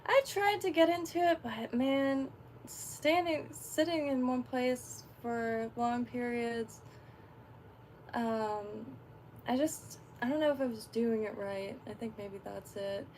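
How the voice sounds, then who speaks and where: Florida woman rambling on a livestream, kinda high voice, laughs a lot, bit of noise behind. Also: slow, a little mellow. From Florida, USA. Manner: rambling, chatty, laughs often, many fillers. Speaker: fishing livestreamer. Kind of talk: casual livestream chat.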